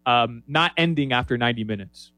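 A man giving casual soccer betting picks as a podcast guest, animated and rambling, with frequent restarts and fillers. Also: mid-range voice, fairly quick, dry recording. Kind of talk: casual sports podcast chat. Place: Miami.

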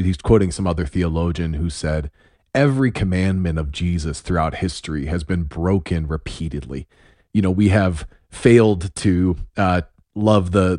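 Deep-voiced male podcast host. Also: mellow, no room sound, studio quality. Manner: reflective, asks probing questions. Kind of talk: casual interview.

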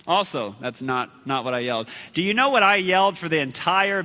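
A man preaching a storytelling sermon, animated and dramatic, with sudden shouts. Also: on the high side, a little fast, hardly any pauses, big-room sound.

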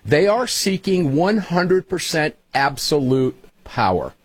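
Animated, husky male host running a political panel, teasing and quick to interject. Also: a little high, no room sound. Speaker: talk show host.

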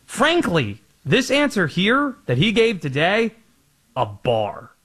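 A man's voice: high voice, wildly swooping pitch, slow, a bit bright, husky. A man hosting a sports talk show, setting up stories and throwing questions to his co-host. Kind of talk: sports news segment hosting.

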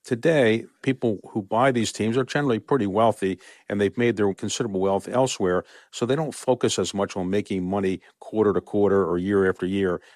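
An older man answers questions in a measured, conversational way during a radio interview. His voice sits low, and the sound is dry and close with no room around it. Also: steady tone, a little mellow, no room sound. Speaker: interview guest, team owner.

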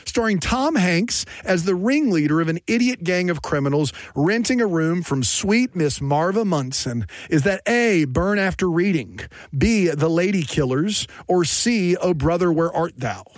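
A man's voice: sits high, expressive, measured pace, no echo. A man hosting a trivia game, reading questions and chatting with upbeat energy. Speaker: quiz host. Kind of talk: quiz hosting.

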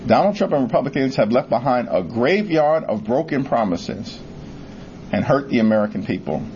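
A man making a forceful, deliberate statement at a news conference. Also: mid-range voice, animated, dull audio, slight background noise.

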